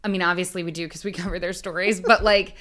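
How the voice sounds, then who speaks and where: Casting: low, blunt woman podcaster, cursing casually in true-crime chat. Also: steady tone, fast, a bit bright. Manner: blunt, swears freely, laughs often. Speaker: podcast co-host.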